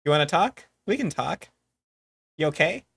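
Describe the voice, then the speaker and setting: A man's voice: a little high, expressive, normal speed, gravelly, fairly bright tone, husky, dry recording, exaggerated voice. A man voicing a cheerful, childlike female warlock adventurer who talks in a breezy, offhand way. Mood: friendly.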